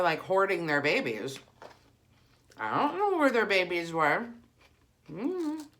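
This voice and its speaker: A woman, telling a story in a chatty, animated vlog style. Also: low-pitched. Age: 40s. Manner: animated, chatty, heavy use of "like". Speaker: vlogger. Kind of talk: casual storytelling while eating.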